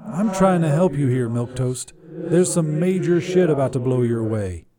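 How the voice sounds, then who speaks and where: Man voicing a pushy, gruff winged demon. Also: a little high, expressive, normal speed, over a noisy crowd, close to an everyday voice. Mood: urgent. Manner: brash, pushy, crude. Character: gruff impatient male demon, scaly and winged.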